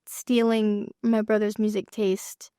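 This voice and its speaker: An actress chatting as an interview guest, giggling often and trailing off with lots of fillers. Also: female voice, mid-range voice, level tone, takes it slowly, warm tone, clean tone, no room sound, clean studio sound. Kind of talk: casual interview chat.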